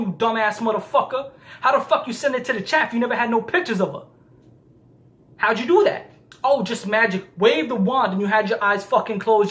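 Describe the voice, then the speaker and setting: A man ranting angrily on camera, heated, profane and mocking. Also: high voice. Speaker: YouTube commentator. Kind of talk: angry ranting commentary.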